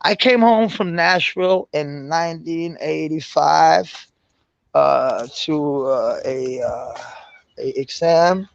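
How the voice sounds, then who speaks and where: A Danish man speaking English with a Danish accent tinged with American, chatting casually with viewers, halting and searching for words with many fillers and restarts. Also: on the high side, creaky, muffled recording. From Denmark. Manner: swears casually. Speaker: live-stream host chatting with viewers. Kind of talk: casual chat.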